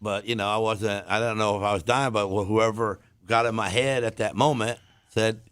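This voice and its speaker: Laid-back low-voiced man on radio. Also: fairly even intonation, moderate pace, fairly bright tone, smooth, no echo. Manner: plainspoken, laid-back storyteller. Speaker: radio show co-host. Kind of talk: casual radio banter. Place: radio studio.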